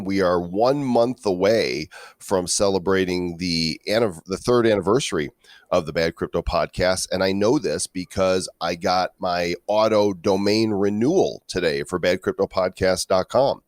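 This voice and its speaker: A man's voice: sits low, dry recording, clean studio sound. A man co-hosting a casual podcast, joking around and reading news and promos with playful emphasis. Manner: playful, jokey, reads promos with bursts of emphasis. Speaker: podcast co-host. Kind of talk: casual chat.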